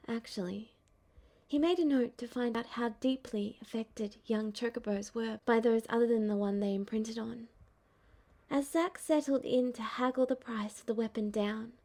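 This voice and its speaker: Measured female fan-fiction narrator. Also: on the high side, a little mellow. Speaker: audiobook reader.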